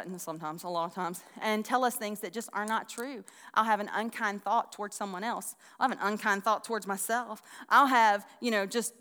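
A woman's voice: medium pitch, a bit bright, smooth. A woman giving a casual, conversational sermon, folksy and chatty with frequent restarts and asides. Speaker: Bible teacher. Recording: long hall reverb.

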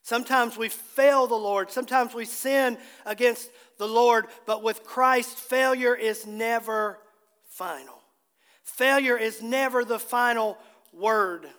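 A man's voice: very high voice, slow pace, a bit bright, clear, resonant tone, in a large hall. A man preaching a sermon as pastor in a church, earnest and repeating key phrases for emphasis. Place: church sanctuary.

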